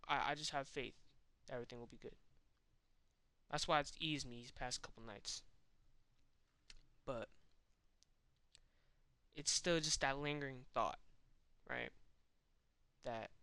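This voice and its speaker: A man's voice: medium pitch, bright, forceful tone, clean tone, no echo. Young man, casual personal monologue, candid and slangy, dry close sound. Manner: candid, slangy, self-reflective. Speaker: vlogger.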